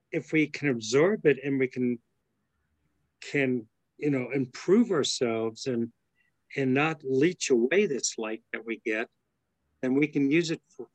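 A man's voice: medium pitch, a little slow, no echo. A man in a study group reading a passage aloud and then reflecting on it over a video call. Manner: thoughtful, reads aloud then muses.

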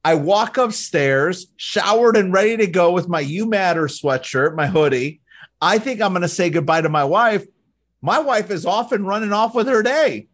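A man hosting a podcast interview, talking in an animated, emphatic way and often repeating words as he builds a point. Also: high-pitched, normal speed. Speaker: podcast host. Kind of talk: casual interview chat.

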